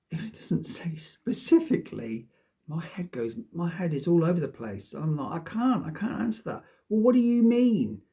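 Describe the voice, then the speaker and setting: A man's voice: on the high side, creaky, mellow. A man rambling casually to his viewers, self-deprecating and swearing freely. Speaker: vlogger. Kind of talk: casual rambling monologue to camera.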